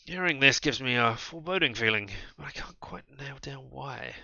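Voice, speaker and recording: A man's voice: medium pitch, expressive, moderate pace, creaky, sharp tone, dry recording, lo-fi sound. A man reading a story game aloud and adding wry asides as he plays. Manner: wry asides between read lines. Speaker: streamer playing a visual novel.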